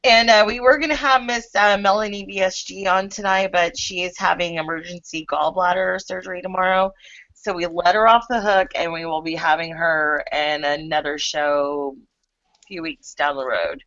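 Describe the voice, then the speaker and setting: A woman's voice: lowish voice, fairly even intonation, moderate pace, fairly bright tone, no room sound. Chatty woman hosting a lo-fi online show. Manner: chatty, loose, filler-heavy. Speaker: host. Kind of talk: casual online chat show.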